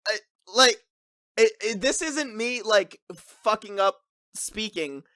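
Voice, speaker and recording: A man's voice: high-pitched, slow pace, pushed and bright, no room sound, clean studio sound. A man hosting a podcast in casual chat, reading a list aloud and laughing. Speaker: podcast host.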